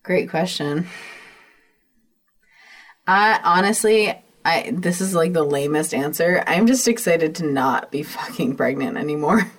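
A woman's voice: low voice, animated, a little slow, breathy edge. Laughing, swearing woman podcast co-host. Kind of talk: casual chat.

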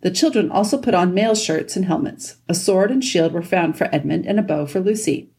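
A woman reading a children's fantasy novel aloud in a steady storytelling manner. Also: on the low side, fairly quick, vocal fry, slightly rough. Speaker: audiobook reader. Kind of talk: scripted narration.

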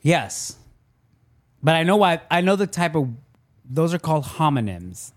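A man co-hosting a podcast in casual chat, easygoing, agreeable and quick to laugh. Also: fairly high pitch, big pitch swings. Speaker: podcast co-host.

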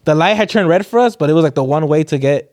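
A young man casually telling a story on a podcast, laughing and acting out quotes in a higher voice. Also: expressive, fast talker, darkish tone. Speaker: podcast co-host.

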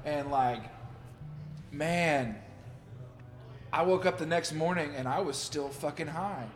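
A man's voice: fairly high pitch, normal speed, faint music behind. A man hosting a podcast, telling loose, profane stories in casual chat. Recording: reverberant room, faint noise.

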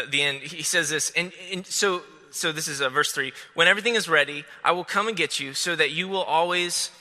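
A man's voice: a little high, sharp tone, in a large hall. A man giving a casual, rambling sermon to students, full of restarts and fillers.

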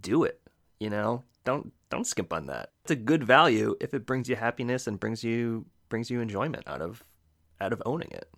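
A man co-hosting a casual podcast, talking in an animated, emphatic, slangy way. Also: medium pitch, normal speed, gravelly. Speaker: podcast co-host.

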